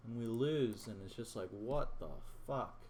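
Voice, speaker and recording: A man's voice: mid-range voice, measured pace, darkish tone, slight background noise. A man ranting to his viewers in casual gameplay commentary, frustrated, swearing and rambling, calling them "boys". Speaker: gaming YouTuber.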